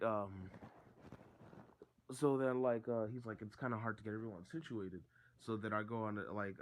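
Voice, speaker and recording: A teenage boy telling a story from school in a casual, rambling way, full of fillers and restarts. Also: low-pitched. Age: teens.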